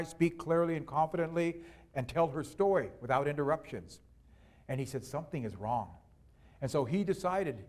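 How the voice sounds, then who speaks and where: A man telling a traditional story aloud to an audience, unhurried and repeating words for emphasis. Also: on the high side, a little mellow. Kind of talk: oral storytelling to a live audience.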